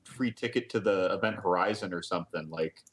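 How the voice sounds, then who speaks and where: A man's voice: low-pitched, fairly quick, a bit bright. A man co-hosting a podcast in casual chat, rambling and hesitant, laughing at his own riffs. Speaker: podcast co-host.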